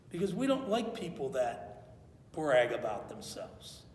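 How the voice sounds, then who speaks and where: Pastor in an echoey church. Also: male voice, fairly high pitch, big pitch swings, moderate pace, a little mellow, distant mic, slight background noise. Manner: conversational preaching with acted-out quotes. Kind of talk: sermon. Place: church sanctuary. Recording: echoey hall, voice from afar.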